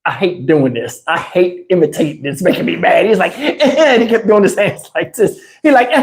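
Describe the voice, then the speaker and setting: A man telling stories on his live stream, in a casual, animated way with crude slang and frequent laughter, through a lapel mic. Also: high-pitched, moderate pace, few pauses. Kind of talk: casual anecdotal storytelling. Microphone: wireless lapel mic.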